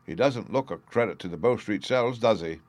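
A man voicing a jovial veteran police inspector who talks heartily and exclaims loudly. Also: fairly low pitch, brisk, no echo, lightly acted. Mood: amused. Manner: hearty, chuckling, loud exclamations.

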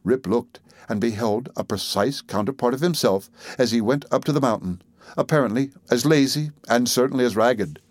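A man reading a story aloud in a steady, measured narrating voice. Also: mid-range voice, no room sound. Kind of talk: audiobook narration.

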